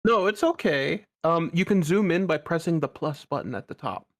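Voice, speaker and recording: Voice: medium pitch, lively intonation, moderate pace. A player in a tabletop game, explaining character sheets in a helpful, apologetic way. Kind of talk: casual tabletop game play.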